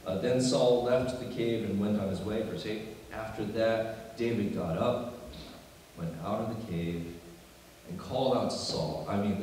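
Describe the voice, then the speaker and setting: A male pastor preaches in a loose, chatty way and slips in playful asides. His voice sounds distant and rings with a long, booming reverb, as if caught from across a large hall. A faint room hum sits underneath. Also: a little mellow. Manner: conversational preaching with joking asides. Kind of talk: sermon. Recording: echoey hall from far off.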